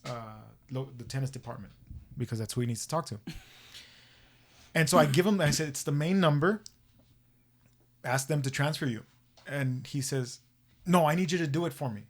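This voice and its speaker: A man hosting a podcast, telling a story in a casual, profane, animated way and acting out the voices he quotes. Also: medium pitch. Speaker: podcast host.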